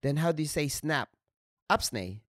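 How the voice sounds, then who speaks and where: A man on a casual podcast rambles through explanations, full of fillers, restarts and trailing thoughts. His voice sits a little high for a man, and the sound is dry and close, with no room around it. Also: expressive, no room sound. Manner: explains terms slowly, with examples. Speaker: podcast host.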